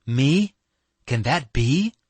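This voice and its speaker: A man's voice: lowish voice, normal speed, a bit bright, no echo, natural voice. A man reading an audiobook, voicing a proud, defiant young woman who falters and pleads in distress. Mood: distraught.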